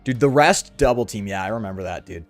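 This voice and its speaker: A young man with a sore throat giving slangy, excitable commentary while playing a video game. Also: on the low side, quick pace, soft background music. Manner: slangy, excitable, lots of "dude" and "bro". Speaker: gaming video host.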